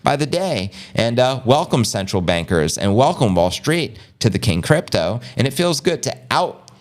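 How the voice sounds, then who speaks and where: A man's voice: medium pitch, sing-song, moderate pace. A man hosting a casual crypto livestream, joking in slang and answering his chat.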